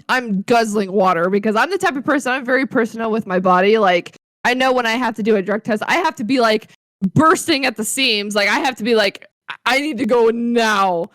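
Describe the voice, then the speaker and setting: A woman's voice: fairly high pitch, fairly quick, a bit bright, no room sound. A young woman co-hosting a podcast, talking in a blunt, wry way and swearing casually. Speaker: podcast co-host. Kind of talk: casual chat.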